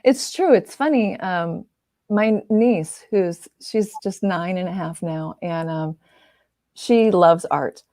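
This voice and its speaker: A woman artist chatting casually as an interview guest, animated and quick to laugh, with lots of fillers. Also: on the low side, dry recording, clean studio sound. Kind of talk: casual conversational chat.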